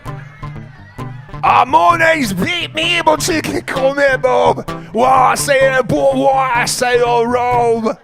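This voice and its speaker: A man putting on a Scottish accent to shout out a silly song, with a live band playing behind him. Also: very high voice, fairly even intonation, slow pace, gravelly, over music, voice pushed up, heavily acted. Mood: rowdy. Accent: put-on Scottish.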